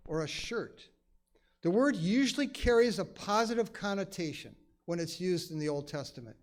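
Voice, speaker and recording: High-voiced man teaching a Bible study. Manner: emphatic, acts out quoted lines; chatty, many "you know" asides. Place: church.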